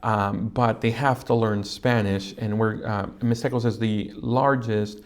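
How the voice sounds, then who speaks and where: A man who pastors a Spanish-speaking church, talking casually on a podcast with frequent pauses and fillers. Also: on the low side, fairly even intonation. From California, USA. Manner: halting, with many fillers and restarts.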